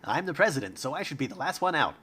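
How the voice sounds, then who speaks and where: A man voicing a calm, unsettling club president girl in a flat, robotic monotone while playing a game. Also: fairly high pitch, fast, husky, pitched above the performer's own voice, full character voice.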